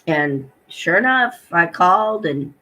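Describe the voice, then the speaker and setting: A middle-aged woman talks to the camera in a personal vlog, her voice bright and forward. She rambles in a heartfelt way, full of "um"s, and retells her day with feeling. She sounds emotional and hurt underneath. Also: fairly low pitch, expressive, slow, poor audio. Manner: rambling and heartfelt, full of fillers and retold dialogue. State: emotional, hurting. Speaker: vlogger.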